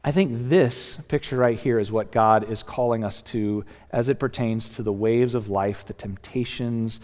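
A man preaching a sermon as a pastor, earnest and conversational, often restarting and dropping to a hush. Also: medium pitch, fairly even intonation, normal speed. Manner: earnest, conversational, with many restarts and sudden soft drops. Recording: long hall reverb.

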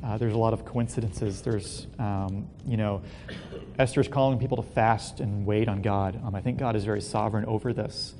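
A man telling a Bible story as a relaxed, casual lesson, full of fillers and joking asides. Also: moderate pace. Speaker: Bible teacher. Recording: long hall reverb, faint rumble.

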